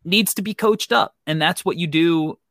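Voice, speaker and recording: A man's voice: on the high side, normal speed, sharp tone, no echo, clean studio sound. A man talking casually as a basketball draft analyst on a streamed show, rambling with lots of fillers. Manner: rambling, lots of "like" and "you know". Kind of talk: casual podcast chat.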